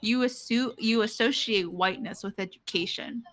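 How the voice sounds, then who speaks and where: A woman's voice: fairly high pitch, moderate pace, fairly bright tone, dry recording. A young woman in casual chat, speaking earnestly and giving her opinions.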